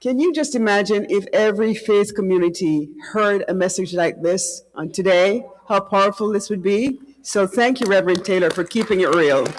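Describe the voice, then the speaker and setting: Guy running the church service, high voice, upbeat, giving announcements. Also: normal speed, hardly any pauses, poor audio. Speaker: service leader. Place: church sanctuary.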